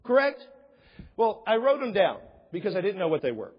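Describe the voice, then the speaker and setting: With a sing-song, slightly rough voice at normal speed, a middle-aged pastor gives a conversational sermon in a church sanctuary, acting out little dialogues with rising pitch. The recording is dull and has long hall reverb.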